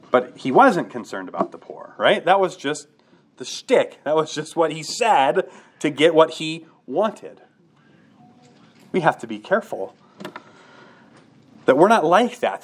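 A man preaching a sermon to his congregation, earnest and direct, often checking in with rhetorical questions. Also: a little high. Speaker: pastor.

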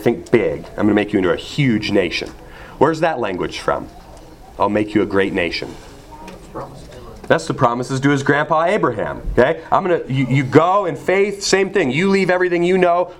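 A man's voice: mid-range voice, slight background noise. Earnest man preaching a sermon. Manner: earnest, emphatic preaching with rhetorical questions. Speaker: pastor.

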